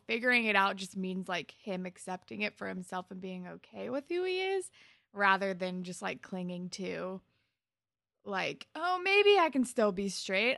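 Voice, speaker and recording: A young woman co-hosting a casual recap chat, chatty and quick to laugh. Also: mid-range voice, gravelly, pushed and bright, no room sound, clean studio sound. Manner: chatty, laughs often, lots of fillers. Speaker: podcast co-host.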